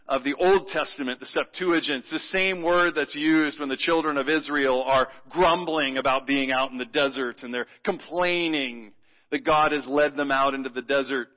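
Preacher, male, slightly high voice, playful call-and-response, long church reverb. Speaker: pastor. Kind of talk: sermon. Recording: muffled sound with long hall reverb.

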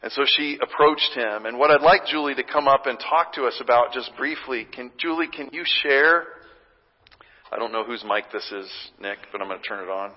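A pastor preaching a sermon, telling a story in a lively, conversational way from the pulpit. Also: male voice, medium pitch, moderate pace. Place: church sanctuary. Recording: long church reverb, muffled sound.

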